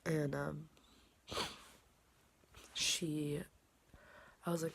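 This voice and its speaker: Young woman vlogger, low gravelly voice, rambling chatty delivery. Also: monotone, slow pace, pauses often, slight background noise. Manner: rambling, filler-heavy, drops into soft whispers. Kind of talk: casual personal vlog.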